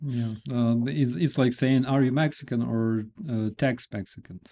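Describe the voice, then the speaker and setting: A man with a Ukrainian accent hosting a casual stream chat, speaking haltingly with many fillers. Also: mid-range voice, fairly even intonation, dark tone. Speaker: stream host.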